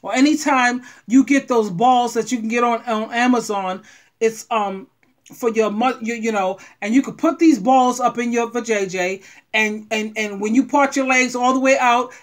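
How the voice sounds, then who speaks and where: Middle-aged lady vlogger, high voice, blunt and animated, talking right to you. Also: normal speed. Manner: blunt, animated, talks straight to the viewer. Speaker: advice vlogger. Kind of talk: frank advice monologue.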